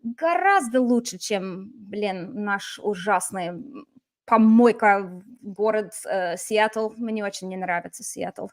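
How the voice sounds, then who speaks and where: A woman's voice: mid-range voice, slow pace. An English-speaking woman teaching Russian in a casual livestream lesson. She keeps it humorous and lighthearted and moves between English and Russian.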